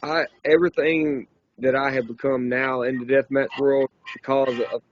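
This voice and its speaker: A man's voice: medium pitch, flat delivery, moderate pace, no room sound. A man, a wrestler guest, talking candidly and emotionally in a casual interview. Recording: muffled lo-fi recording.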